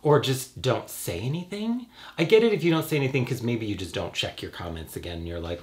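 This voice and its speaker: A man's voice: mid-range voice, normal speed. Profane ranting man with a head cold. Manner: sarcastic, profane, animated ranting. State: has a cold. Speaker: YouTuber. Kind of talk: ranting casual vlog.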